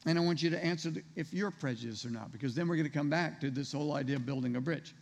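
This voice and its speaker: A male pastor delivers a casual, conversational sermon, peppering the room with rhetorical questions. His voice sits high for a man. The sound rings with the long reverb of a large church hall. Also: racing, creaky. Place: church sanctuary.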